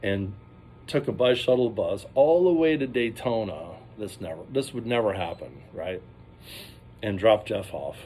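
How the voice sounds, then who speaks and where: A man with a fairly low voice recounts a wild story in a loose, casual vlog style. He rambles and acts out the lines of the people he quotes. A faint noise sits under the recording. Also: expressive, measured pace, darkish tone. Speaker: vlogger telling a story.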